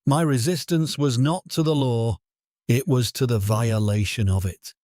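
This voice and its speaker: A man voicing a calm, stern old judge. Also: medium pitch, no room sound, studio quality, lightly acted. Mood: resolute. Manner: measured, quietly cutting. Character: dignified older male former judge, calm and stern.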